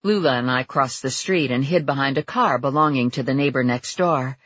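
A woman narrating a first-person audiobook in a lively, expressive way. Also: a bass voice, normal speed, slightly rough, no echo, dull audio.

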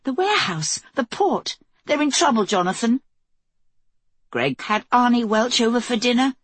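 A woman's voice: a little high, big pitch swings, moderate pace, slightly rough, dry recording, voice pushed up. A woman reading an anxious runaway woman. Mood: urgent. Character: anxious adult woman fleeing at night.

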